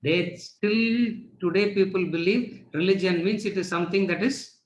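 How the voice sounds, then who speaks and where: Guy teaching a class, keeps asking questions and answering himself, slightly high voice, echoey room. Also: normal speed. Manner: repeats rhetorical questions and answers them. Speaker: spiritual teacher. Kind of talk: lecture to students.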